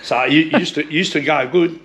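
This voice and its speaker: A man's voice: fairly high pitch, fairly quick, fairly bright tone. A middle-aged man with an Australian accent, chatting casually about cars, swearing freely and often repeating himself. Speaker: car restorer showing his shed. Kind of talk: casual chat. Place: home shed.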